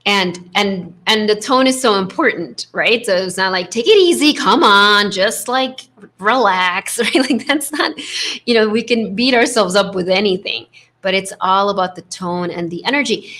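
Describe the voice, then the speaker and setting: A woman hosting a spiritual leadership coaching talk, speaking in a gentle, affirming way with a constant "right?" tag and acting out inner voices. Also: medium pitch, moderate pace. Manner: acts out inner voices with shifts in tone.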